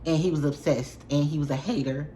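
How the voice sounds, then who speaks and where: A woman's voice: low voice, a little fast, dark tone, slight background noise. A young woman in her twenties, chatting casually and expressively to her viewers in a storytime vlog, full of slang. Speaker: vlogger. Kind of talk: casual storytime chat to camera.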